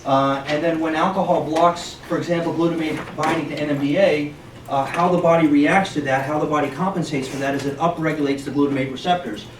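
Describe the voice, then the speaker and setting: A man's voice: fairly high pitch, steady tone, a little fast, slight background noise. A male physician giving a conversational conference talk, opening with a joke before a medical lecture. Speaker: physician speaker. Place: hospital conference room. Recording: echoey room, distant mic.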